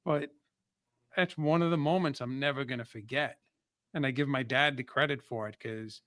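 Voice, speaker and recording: A man who is a podcast guest and motivational speaker, telling personal stories in an energetic, emotional way with frequent restarts. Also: mid-range voice, moderate pace, dry recording, clean studio sound. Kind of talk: casual chat, personal storytelling.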